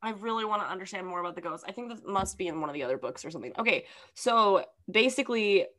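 A woman's voice: medium pitch, animated, quick pace, a bit bright. A woman co-hosting a podcast, reacting dramatically and playfully exasperated in a casual book chat. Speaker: podcast co-host. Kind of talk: casual chat about books.

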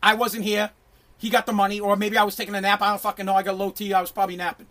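Brash middle-aged male ranter with a strikingly high voice, profane and emphatic, prone to shouting. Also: little pitch movement, very fast. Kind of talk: ranting monologue.

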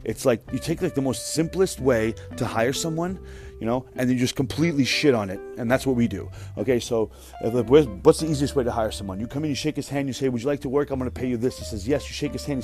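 A man's voice: medium pitch, darkish tone. A man in his thirties hosting a podcast, telling a profane, exasperated story about his work. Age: 30s. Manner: profane, exasperated, mimics other people's voices. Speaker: podcast host. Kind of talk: casual storytelling rant.

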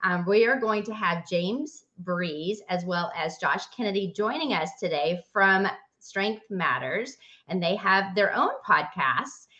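Woman, podcast co-host, bright forceful voice, enthusiastic, dull lo-fi sound. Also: medium pitch, animated, a little slow, hardly any pauses. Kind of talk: podcast introduction and chat.

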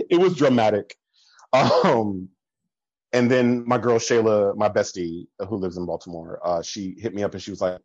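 A man talks as a podcast guest, a little low in pitch, and he tells his stories with energy, acting out what others said. The audio is dull and lo-fi. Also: normal speed, long pauses, no room sound. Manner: animated storytelling with laughs and quoted voices. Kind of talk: casual conversation.

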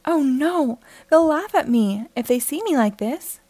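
A woman voicing an anxious little male toy snowman in a storybook read-aloud, fretful and excited. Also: high-pitched, a little slow, no room sound, pitched above the performer's own voice. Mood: panicked.

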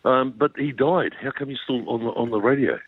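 A man putting on the voice of a fawning, deep-voiced caller, on a phone line. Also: brisk, dry recording, lightly acted. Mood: gushing. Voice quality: deep, husky voice. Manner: fawning, theatrical, stammering praise. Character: deep-voiced middle-aged male radio caller, gushing fan.

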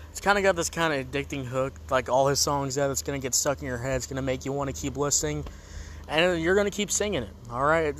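A man's voice: a little high, sharp tone, slight background noise. A man hosting a casual comedic music review show, rambling and joking in a laid-back way.

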